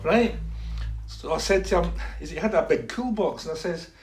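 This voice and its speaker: A man tells a church testimony in an animated storytelling way, slipping into other voices for the people in his story. His voice sits a little high for a man, and he laughs as he goes. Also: normal speed. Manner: animated, acts out dialogue, laughs often. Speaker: preacher telling a testimony.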